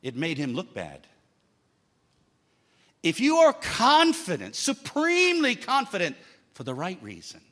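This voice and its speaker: Brief: male preacher, fairly high voice, emphatic sermon with jokes. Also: wildly swooping pitch, measured pace, pauses often, fairly bright tone. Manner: emphatic, with humorous asides.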